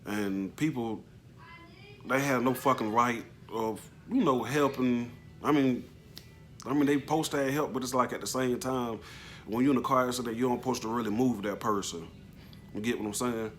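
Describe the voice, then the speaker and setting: A man casually recounting a personal story, halting and slangy, with plenty of emotion. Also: mid-range voice, fairly bright tone, soft background music. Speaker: vlogger telling a personal story.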